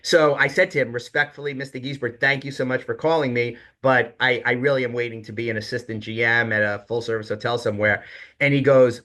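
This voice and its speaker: Bright-voiced man telling hotel stories. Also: mid-range voice, brisk. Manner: animated storyteller, quotes others with emphasis. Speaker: guest, hotel executive. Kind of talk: casual interview storytelling.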